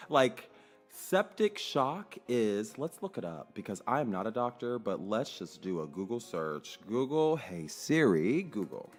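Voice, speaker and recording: Animated man telling a story. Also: deep voice, normal speed, soft background music. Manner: animated, swears freely, acts out quoted voices. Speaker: podcast host telling a personal story. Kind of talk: casual storytelling.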